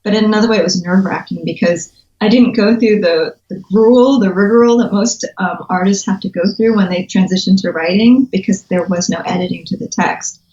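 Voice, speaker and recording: A woman in her thirties tells stories with animated energy and leaps into high voices when she quotes people. The sound is roomy and a little dull, like a lo-fi remote recording in a reverberant room. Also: brisk. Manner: animated storytelling, acts out quotes with big pitch jumps and laughter. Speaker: guest, children's book illustrator. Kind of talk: casual interview chat.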